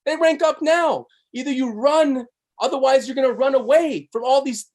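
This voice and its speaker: This is a man delivering a hype motivational sales pitch to a live online audience. He talks with constant energy, chants short slogans again and again, and swings his voice up and down between loud peaks and low, pressing asides. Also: normal speed. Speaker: network marketing presenter.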